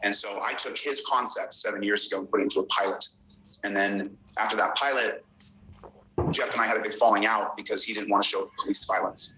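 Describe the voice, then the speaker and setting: Fast, bright-voiced man in an interview clip. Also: fairly low pitch, steady tone, slight background noise, rough recording. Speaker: filmmaker guest in an interview clip.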